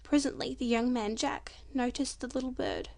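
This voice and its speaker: A woman reading a children's storybook audiobook in a gentle, expressive narration. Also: high-pitched, normal speed, creaky.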